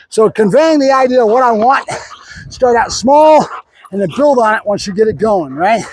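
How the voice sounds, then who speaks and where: A man's voice: high voice, expressive, moderate pace. A man training his dog, explaining steps and repeating short praise and commands in a casual hands-on demo, outdoors.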